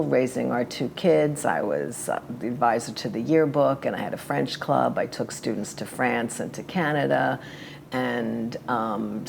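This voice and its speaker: An older woman speaks with an exceptionally low, gravelly voice, full of vocal fry. She chats in a rambling, friendly way with plenty of ums and laughs. A faint hiss of noise sits under the recording. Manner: chatty, rambling, with fillers and laughs. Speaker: interview guest. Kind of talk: casual interview.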